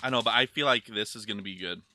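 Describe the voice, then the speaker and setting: A man's voice: lowish voice, fast talker, sharp tone. A young man doing a casual snack taste test, blunt and joking, with lots of swearing. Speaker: food taster.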